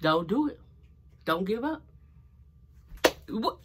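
A woman's voice: medium pitch, moderate pace, slight background noise. A young woman vlogging about her small business, teary and emotional, speaking in fervent motivational declarations. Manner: animated and expressive, many fillers. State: teary from crying. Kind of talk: casual heartfelt talk to camera.

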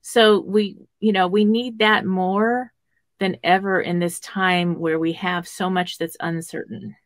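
A woman's voice: fairly low pitch, fairly even intonation, a little slow, no echo. A woman hosting a conversational radio talk show, affirming her guest and sharing her own experience. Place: radio studio.

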